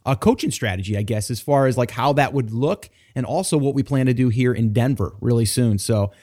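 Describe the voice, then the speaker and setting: Excited rambling podcast host, man. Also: mid-range voice, a little fast. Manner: enthusiastic, rambling with fillers. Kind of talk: casual podcast chat.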